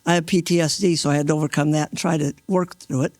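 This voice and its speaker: A man in his sixties tells his story at an awards event, earnest and halting, often restarting his sentences. His voice sits a little high for a man. The sound is dry and close on a stage microphone. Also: fairly even intonation, no room sound. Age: 60s. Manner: earnest, halting, with many restarts and re-enacted quotes. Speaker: mail carrier honored at an awards event. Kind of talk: emotional first-person storytelling.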